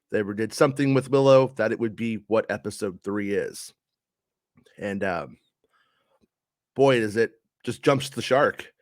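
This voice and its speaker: A man's voice: fairly low pitch, normal speed, pauses often, dry recording, studio quality. A man giving a casual spoken review of a show, frustrated and ranting, swearing often.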